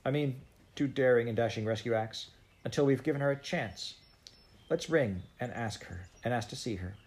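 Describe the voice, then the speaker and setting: A man reading aloud and voicing an earnest young girl in a storybook, with a gentle, pleading put-on voice. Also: medium pitch, normal speed, natural voice.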